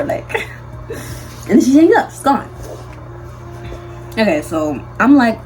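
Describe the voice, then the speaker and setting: Young woman vlogger, slangy and animated, storytime delivery, mid pitch, faint music underneath. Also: moderate pace, poor audio. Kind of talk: storytime vlog.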